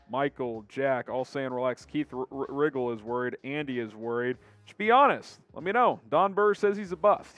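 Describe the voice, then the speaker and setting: A man hosting a live sports show, quickly reading viewer names and comments aloud in an upbeat way. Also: a little high, no echo.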